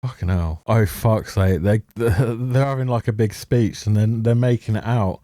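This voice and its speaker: A young man with a low, mellow voice rants through a TV episode review, sarcastic and fed up, swearing at nearly every scene. His voice sits close and dry, with no room sound around it. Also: unhurried, no echo. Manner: sarcastic, exasperated, heavy swearing. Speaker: TV show reviewer. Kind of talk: ranting commentary over clips.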